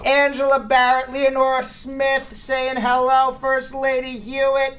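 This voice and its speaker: A man's voice: extremely high pitch, monotone, measured pace, fairly bright tone. A man with a Long Island New York accent hosting a casual live talk show, upbeat as he reads out viewer names and greetings. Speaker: host.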